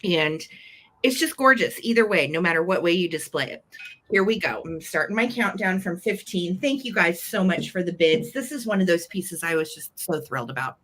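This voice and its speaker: A woman's voice: fairly low pitch, expressive, moderate pace, fairly bright tone. A woman with an American accent hosting a live online auction, gushing over each piece and counting down bids. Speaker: live-sale host.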